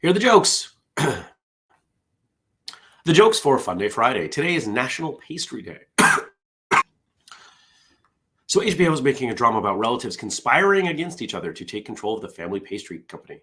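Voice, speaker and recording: A man's voice: mid-range voice, sing-song, brisk, long pauses, a bit bright. A man hosting a casual solo morning show. He rambles, interrupts himself, and drifts into side stories between the jokes he reads aloud.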